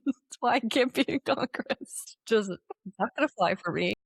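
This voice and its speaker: A woman's voice: on the high side, moderate pace, vocal fry, breathy edge, dry recording, clean studio sound. A woman co-hosting a podcast in casual chat, swearing, laughing often and acting out quotes. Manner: animated, profane, laughs often, acts out quotes. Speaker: podcast co-host.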